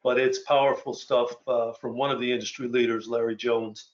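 A man on a webinar panel, speaking hesitantly with many pauses as a publisher. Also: mid-range voice, flat delivery. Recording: dull video call audio.

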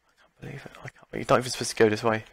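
A young man commentates on his game in an exasperated, ranting way, sighing and swearing as things go wrong. His voice sits at an ordinary middle pitch. The recording is close and dry, with no room sound. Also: flat delivery, very fast, gravelly, fairly bright tone, husky, dry recording. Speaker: let's play gamer.

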